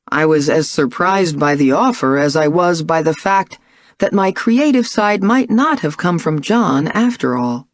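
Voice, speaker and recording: Brief: woman audiobook narrator, low voice, very unhurried, dry close recording. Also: animated, no room sound. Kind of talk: scripted first-person narration.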